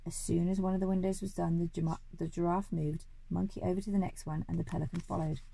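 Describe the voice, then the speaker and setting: A woman's voice: fairly low pitch, flat delivery, fast talker, creaky, dark tone, rough recording. A woman reading a children's story aloud expressively, now and then correcting small slips.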